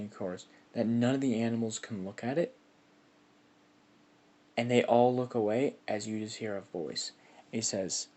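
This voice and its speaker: A man's voice: medium pitch, unhurried, darkish tone. A man casually telling a made-up fan story, rambling with lots of filler words.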